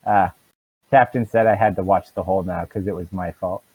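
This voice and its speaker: A man's voice: low voice, steady tone, brisk, husky, no room sound, narrow, tinny audio, pitched below the performer's own voice. A man voicing an anxious, friendly male jail guard paladin who rambles and frets. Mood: fretful. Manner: fretful, rambling, full of ums.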